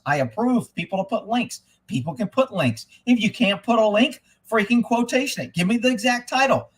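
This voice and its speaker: Man, high-pitched voice, profane angry rant, live stream host, mutters then shouts. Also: animated, a little fast, hardly any pauses, slightly rough.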